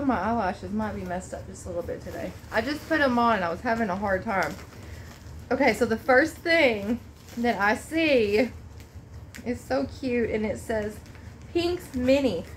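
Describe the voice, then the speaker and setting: A woman's voice: on the high side, expressive, normal speed, a bit bright, a little hiss or hum. A woman hosting an unboxing vlog, gushing and exclaiming, emotional and close to tears. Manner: bubbly, gushing, exclaims often. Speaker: vlog host.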